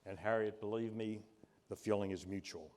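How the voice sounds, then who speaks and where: A man's voice: lowish voice, steady tone. Man with Boston accent speaking in a big hall. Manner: measured, warm, fumbles when improvising. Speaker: presenter at a gala tribute. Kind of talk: prepared tribute speech. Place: large event hall. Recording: reverberant hall.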